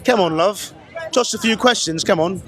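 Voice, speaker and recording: A man's voice: high-pitched, a crowd in the background. A man from Brooklyn who speaks in a put-on London accent, interviewing people at an outdoor city festival with slangy, chummy banter. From Brooklyn, New York. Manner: slangy, fast, chummy, peppered with bruv and innit. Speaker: street interviewer. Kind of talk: casual street interview.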